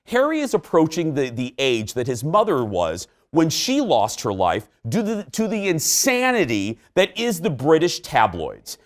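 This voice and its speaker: A man's voice: a little high, huge pitch swings, normal speed, few pauses. A middle-aged man hosting a talk show, giving his opinions in a fired-up, emphatic way.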